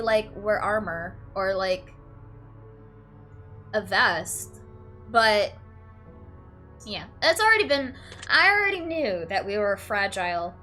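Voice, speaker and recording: A young woman streaming a game reads its text aloud in a high, sharp voice. Her reactions swing from flat and matter-of-fact to teary, with a lot of "like" and "literally" in her talk. Soft music plays quietly under her. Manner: uses "like" and "literally" often. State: tearful at times. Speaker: let's play streamer.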